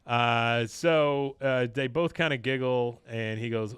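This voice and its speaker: A man's voice: medium pitch, unhurried, hardly any pauses, fairly bright tone, clean tone, no room sound. A man hosting a podcast, recapping a cartoon episode in a casual, rambling way with lots of fillers. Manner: rambling, with many filler uh's. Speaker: podcast host.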